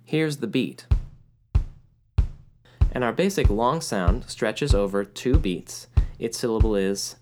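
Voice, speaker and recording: A man narrating a music lesson in a clear, explanatory way, now and then chanting rhythm syllables aloud. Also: on the low side, lively intonation, takes it slowly, pauses often, darkish tone. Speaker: music teacher.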